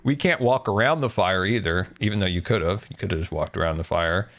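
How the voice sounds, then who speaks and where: A man's voice: sits low, a little fast, a bit bright. A man streaming casually, ranting animatedly and joking with his viewers.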